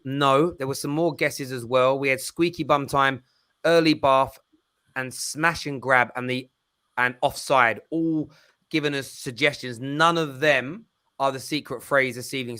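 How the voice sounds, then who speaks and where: A man's voice: mid-range voice, fairly even intonation, normal speed, sharp tone, no echo, clean studio sound. A man with a Cockney accent hosting a football talk show, joking and bantering with callers. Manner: jokey, bantering, self-deprecating. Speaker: host.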